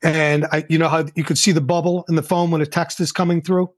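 A man's voice: on the high side, quick pace, dry recording, clean studio sound. An older man, a guest entrepreneur, telling a personal story in a casual interview and acting out the dialogue. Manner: animated, acts out quoted dialogue.

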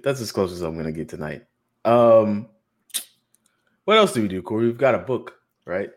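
A man's voice: fairly low pitch, lively intonation, normal speed, pauses often. A man hosting a casual roundtable podcast, joking around and laughing easily. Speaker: podcast host.

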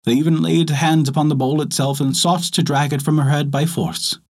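A man narrating a folktale aloud in an expressive, lilting read-aloud delivery. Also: on the high side, moderate pace, breathy edge. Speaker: storyteller.

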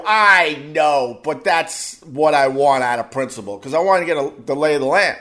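A man's voice: on the high side, expressive, bright, forceful tone. Exasperated man telling a story. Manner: exasperated, swearing, quick restarts. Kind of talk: casual anecdote rant.

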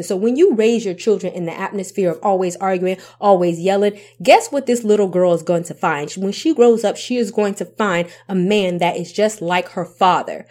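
A woman's voice: medium pitch, a little mellow. Emphatic woman giving parenting advice. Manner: emphatic, repeats points, asks rhetorical questions. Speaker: parenting vlogger and author. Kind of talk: casual advice talk to camera.

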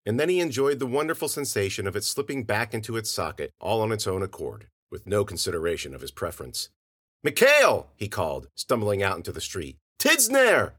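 A man narrates a scripted audio story in a low voice. His delivery is expressive and lively, swinging widely in pitch as he tells it. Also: fast talker, hardly any pauses.

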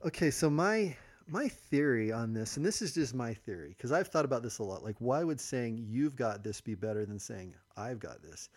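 A man's voice: medium pitch, lively intonation, brisk, hardly any pauses. A man with a mid-range voice hosts a casual podcast. He lays out ideas thoughtfully, like a coach talking through advice. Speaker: podcast host.

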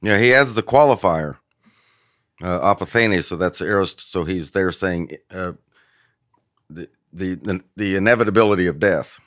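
A man's voice: deep voice, moderate pace, fairly bright tone, no echo, clean studio sound. A man as a podcast guest, explaining Greek grammar of scripture with emphasis and some ums. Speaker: guest scholar. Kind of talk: casual theological explanation.

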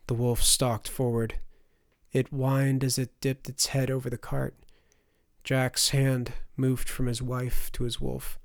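A man narrating a fantasy audiobook in a measured storytelling voice. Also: medium pitch, level tone, creaky, dry recording, clean studio sound.

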